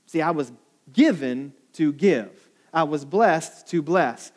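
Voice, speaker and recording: A male pastor delivering a sermon from the pulpit in a relaxed storytelling manner. His voice sits a little high for a man, and he slips into the voices of the people in his stories. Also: takes it slowly. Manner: storytelling, conversational, with dramatic quoted asides.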